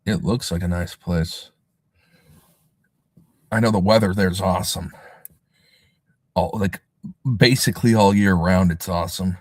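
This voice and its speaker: A man's voice: sits low, steady tone, measured pace, long pauses, a little mellow, no echo, studio quality. A man hosting a casual livestream, rambling with sarcastic asides and joking at his own expense. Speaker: livestream host.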